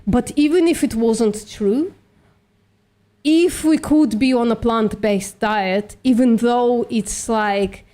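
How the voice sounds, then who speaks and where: A woman's voice: fairly high pitch, takes it slowly, dark tone. A woman hosting a livestream who is losing her voice a little, reasoning aloud with many fillers in a casual voice-chat debate. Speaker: livestream host doing outreach calls.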